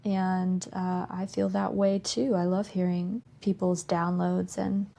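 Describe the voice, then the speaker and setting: A woman's voice: fairly low pitch, level tone, slow pace, vocal fry, dark tone. Woman with a playful put-on country drawl. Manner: casual, frank, laughs often. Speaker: podcast host. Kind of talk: spiritual self-help monologue.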